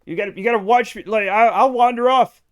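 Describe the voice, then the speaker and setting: A man streaming a space game live, chatting with his audience in an animated, joking way and swearing freely. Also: high voice, quick pace. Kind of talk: live gameplay stream chat.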